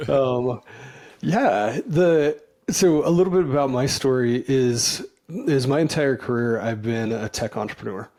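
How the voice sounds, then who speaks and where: A man's voice: mid-range voice, measured pace, a little mellow. A middle-aged man, a podcast guest, telling his personal story candidly and with emotion. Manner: earnest, emotional, laughs easily.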